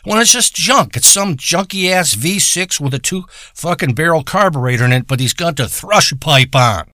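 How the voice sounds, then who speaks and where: A man telling a rambling, profane comic story in a crude, deadpan way. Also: a little high, moderate pace, no echo, studio quality. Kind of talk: rambling comedic monologue.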